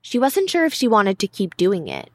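A woman's voice: mid-range voice, wildly swooping pitch, normal speed, no echo, clean studio sound. A woman narrating a podcast episode in a conversational, scripted storytelling style.

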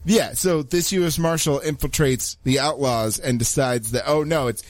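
A man's voice: medium pitch, normal speed, no echo. A man co-hosting a podcast, joking and laughing as he riffs in casual banter. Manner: joking, laughs often, breaks into goofy impressions. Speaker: podcast co-host.

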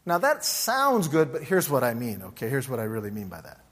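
A man's voice: mid-range voice, wildly swooping pitch, fairly quick, a bit bright. A middle-aged man, a pastor, teaching a sermon and telling a story by acting out both sides of the dialogue.

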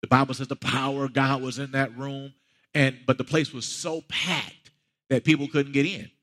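A man's voice: mid-range voice, fairly even intonation, moderate pace, fairly bright tone, big-room sound. A man preaching a sermon as a pastor, talking conversationally and building to emphatic peaks.

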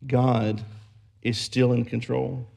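A man's voice: mid-range voice, little pitch movement, slow, vocal fry, darkish tone. A man preaching a sermon as pastor, building emphasis through repeated phrases and storytelling. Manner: preaching with rising emphatic repetition.

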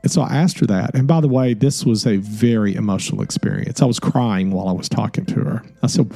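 A middle-aged man hosts his own show and shares a personal story in a soft-spoken, earnest, reflective way. His voice is dark and mellow with a gravelly edge. Quiet music plays faintly behind him. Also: medium pitch, quick pace, few pauses, no room sound. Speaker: podcast host.

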